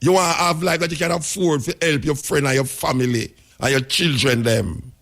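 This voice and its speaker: A man's voice: on the high side, moderate pace, gravelly, fairly bright tone. A man with a Jamaican accent, hosting a talk radio show and telling stories in patois. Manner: storytelling in Jamaican patois, emphatic. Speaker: radio host.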